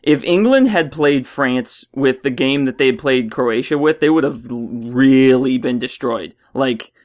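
A young adult co-host rambles through a casual podcast chat in an ordinary mid-pitched voice. The talk is wry and loose, with casual swearing and easy laughter. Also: unhurried, darkish tone.

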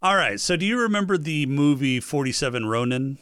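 Animated podcast guy, pitch jumps all over, dry close mic, teases out the story. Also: a little fast, clear, resonant tone, no room sound. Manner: animated, builds up stories with questions. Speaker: podcast co-host. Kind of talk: casual chat.

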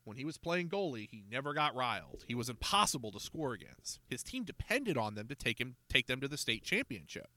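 A man narrating a children's mystery audiobook with a lively, expressive delivery. His voice is bright and close, with a dry sound and no room echo. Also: medium pitch, fairly quick, hardly any pauses. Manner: expressive, storytelling.

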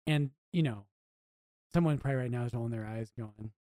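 A man's voice: medium pitch, fairly even intonation, quick pace, dark tone, no room sound. A man, a priest co-hosting a podcast, talking earnestly and reflectively, often restarting his phrases. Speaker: priest co-host.

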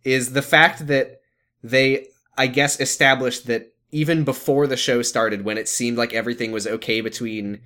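A man co-hosting a casual recap chat, sarcastic and quick to act out characters' lines. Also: medium pitch, fairly even intonation, pushed and bright. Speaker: podcast co-host recapping a TV show.

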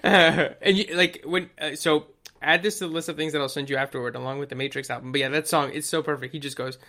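A man chatting casually about songs he likes, rambling and swearing as he goes. His voice is bright and forceful and sits a bit high. He acts out little quotes along the way. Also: fairly even intonation, fast. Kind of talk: casual chat about music.

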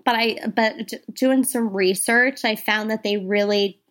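A woman's voice: fairly high pitch, steady tone, unhurried, fairly bright tone. A woman co-hosting a podcast, chatting casually as she tells ghost stories and talks straight to her listeners. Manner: chatty, addresses listeners as "you guys". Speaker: podcast co-host. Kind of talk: casual ghost-story chat.

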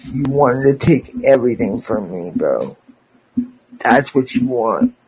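A man's voice: medium pitch, sing-song, measured pace, darkish tone, slightly rough, rough recording. A man hosting a podcast, delivering an angry, profane, sarcastic rant aimed at a former friend.

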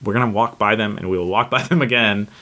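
A man in his thirties co-hosts a casual podcast chat. His voice sits somewhat low. He tells stories in a relaxed way, with plenty of fillers. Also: fast. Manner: relaxed, storytelling with many fillers. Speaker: podcast co-host. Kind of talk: casual conversation.

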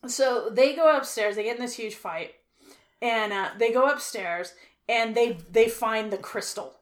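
A woman with a fairly high voice, chatting casually as a co-host. She retells a film's plot with exasperated humor, breaking into laughter and swearing freely as she goes. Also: a little slow. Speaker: podcast co-host.

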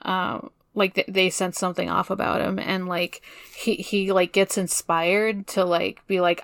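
A woman casually chatting about an anime, full of "like" and swearing, with loud excited outbursts. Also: fairly low pitch, measured pace, no room sound, clean studio sound. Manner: filler-heavy, swears, bursts into loud excitement. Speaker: podcast co-host. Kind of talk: casual anime recap chat.

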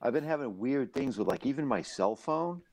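A man's voice: mid-range voice, lively intonation, normal speed, a little mellow. A man co-hosting a podcast, laid-back and rambling, swearing freely. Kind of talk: casual chat.

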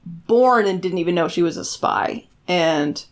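Woman, podcast co-host, casual chat, fast animated storytelling. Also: on the low side, soft background music. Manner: quick, animated storytelling with acted quotes. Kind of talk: casual chat recapping a show.

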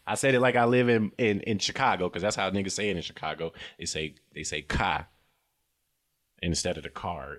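Young male podcast host, casual comedic riffing from a car, profane, quick laugher. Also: low voice, a bit bright. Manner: loose, profane, laughs often and mimics silly voices.

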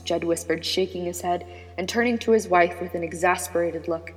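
A woman narrating a serialized story in a measured, dramatic manner. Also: fairly low pitch. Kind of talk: scripted audiobook narration. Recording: long reverb with background music.

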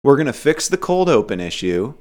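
A young man co-hosting a casual podcast, rambling through jokes and callbacks with a loose, playful delivery. His voice sits at an ordinary middle pitch. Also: very animated, a little mellow. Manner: joking, rambling, quick callbacks. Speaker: podcast co-host. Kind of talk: casual chat.

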